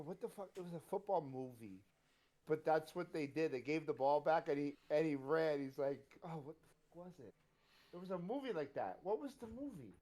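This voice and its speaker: A man co-hosting a sports podcast, joking and swearing in casual chat. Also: on the high side. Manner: profane, joking, animated. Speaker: podcast co-host.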